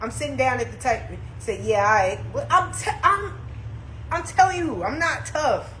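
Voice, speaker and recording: Woman, young adult, high voice, echoey room, animated slangy storytelling. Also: normal speed, slight background noise. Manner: animated, slangy storytelling that swings from calm asides to heated outbursts. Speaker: live streamer. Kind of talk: casual storytelling on a live stream.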